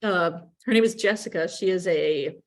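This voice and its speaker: A woman radio journalist with an upper Midwestern accent, answering interview questions in a chatty, animated way with quick bursts and self-corrections. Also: lowish voice. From upper Midwest of the United States.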